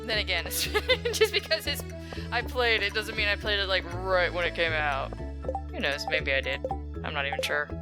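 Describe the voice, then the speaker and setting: A woman's voice: mid-range voice, lively intonation, normal speed, low-quality recording. A young adult woman giving casual gaming commentary, chatty and rambling with a self-deprecating streak. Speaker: let's play gamer. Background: game music.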